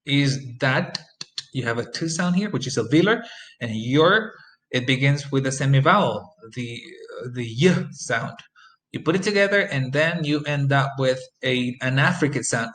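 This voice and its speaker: A man giving a recorded pronunciation lesson at a middle pitch. He explains patiently, stops on "um" and "uh", and says example phrases slowly more than once. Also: a bit bright, rough recording. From Costa Rica. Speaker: English phonetics instructor.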